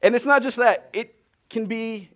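A man's voice: very high-pitched, moderate pace. A middle-aged man preaching a humorous sermon, telling stories with playful wordplay. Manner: animated storytelling with playful wordplay.

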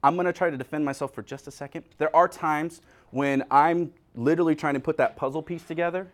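A man's voice: fairly high pitch, a little fast. A middle-aged man preaching a humorous sermon, joking and acting out little scenes. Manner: animated, jokey, acts out little scenes. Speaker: pastor.

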